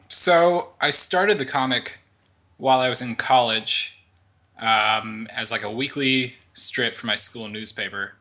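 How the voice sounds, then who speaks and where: A man being interviewed as a cartoonist guest, answering in a relaxed, easygoing way with many fillers. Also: lowish voice.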